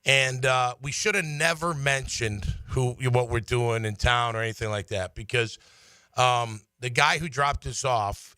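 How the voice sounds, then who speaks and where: A middle-aged man, a former player, tells a story in a casual, animated way and acts out the people he quotes. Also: a little slow, smooth, no room sound. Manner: animated, acts out quotes with big pitch swings. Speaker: former player telling a story on sports radio.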